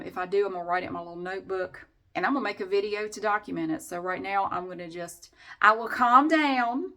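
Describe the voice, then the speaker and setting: A woman's voice: lowish voice, fairly bright tone. A middle-aged Southern woman ranting in a vlog, sarcastic and profane as she vents. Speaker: vlogger.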